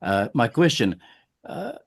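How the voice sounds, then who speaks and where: A man from South Africa, hosting a sit-down interview podcast and speaking in a measured way with frequent restarts and hesitations. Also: medium pitch, wildly swooping pitch, vocal fry, husky. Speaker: podcast host.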